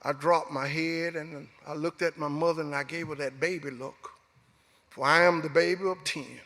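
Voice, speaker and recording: A man's voice: on the high side, fairly even intonation, normal speed, bright, forceful tone. A middle-aged man from Alabama with a Southern US accent, telling a personal story as a guest speaker and acting out the dialogue. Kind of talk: storytelling speech. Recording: echoey hall.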